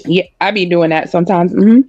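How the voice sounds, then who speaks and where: A woman talking in a casual chat, telling animated stories and swearing freely. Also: lowish voice, a little fast, muffled recording. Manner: animated, profane storytelling.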